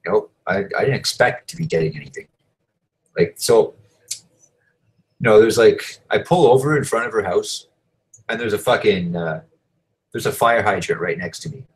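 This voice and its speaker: Hosting a show, a man with a lowish voice and lively intonation tells a rambling, profane story at a moderate pace, with long pauses and heavy fillers like "like" and "you know." The audio is poor.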